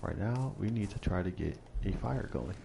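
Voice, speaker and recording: A man with a very low, gravelly voice gives casual commentary as he plays a survival game with his daughter, dropping dry, wry asides. The recording carries a clear layer of noise underneath him. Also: lively intonation, normal speed. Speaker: gaming channel host. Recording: noisy home recording.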